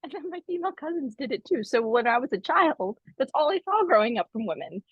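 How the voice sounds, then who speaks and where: A woman co-hosting a podcast, telling stories in casual chat and acting out quotes in high voices. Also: fast, breathy edge, no room sound, dull audio. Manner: animated storyteller, acts out quotes in high voices. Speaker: podcast co-host.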